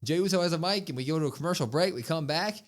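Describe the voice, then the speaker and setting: Animated man recapping wrestling. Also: a little high, racing. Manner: animated retelling, acts out quotes. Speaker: wrestling podcast co-host. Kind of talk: casual recap chat.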